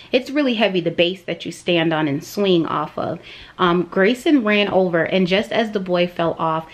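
A young woman, a stay-at-home mom, telling a story to her viewers in a casual, animated way, recovering from surgery. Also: lowish voice. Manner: animated, addresses viewers as "you guys".

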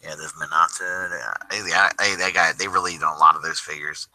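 A man's voice: extremely low pitch, flat delivery, fairly quick, bright, forceful tone, dry recording, poor audio. A man co-hosting a podcast, chatting casually and enthusiastically with stammering restarts. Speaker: podcast co-host. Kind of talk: casual chat.

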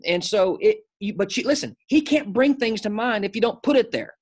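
A man's voice: high voice, animated, fairly quick. Emphatic preacherly man. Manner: emphatic, preacherly, says "listen" often. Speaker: pastor and preaching teacher, guest. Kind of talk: casual interview conversation.

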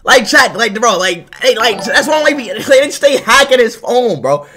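A young man livestreaming, talking loudly and excitably to his chat and often shouting. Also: very high voice, normal speed, a little hiss or hum.

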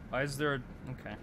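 A man giving chatty, excitable live commentary while streaming a video game, swearing casually. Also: fairly high pitch, vocal fry, a little hiss or hum.

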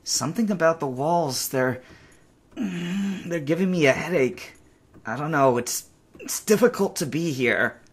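Man voicing a stranded survivor, husky, slow-talking, swings up and down in pitch. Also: animated, heavily acted. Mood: uneasy. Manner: talks to himself, halting, rising to panicked shouts. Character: stranded male space survivor, anxious and curious. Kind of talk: acted game narration.

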